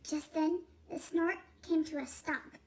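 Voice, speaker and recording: A woman reading a children's story aloud slowly and expressively, with big swoops in her voice. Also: very high voice, steady tone. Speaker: storybook reader.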